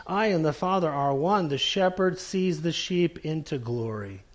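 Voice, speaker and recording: A male pastor delivering a sermon in a somewhat high voice. He preaches slowly and with emphasis, leaning hard on key words and then letting some lines fall quiet. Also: animated.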